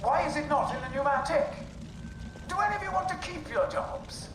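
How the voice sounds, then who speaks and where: A man's voice: extremely high pitch, animated, a little fast, echoey room, noisy background. An actor voicing a haughty male scientist boss in a video game, with a Welsh accent, berating his staff.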